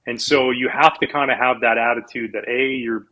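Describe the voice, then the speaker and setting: A man's voice: mid-range voice, moderate pace, highs cut off. A man in his forties, a former pro athlete, telling stories in a casual interview and acting out the people he quotes. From Canada. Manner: animated storyteller, acts out quoted people.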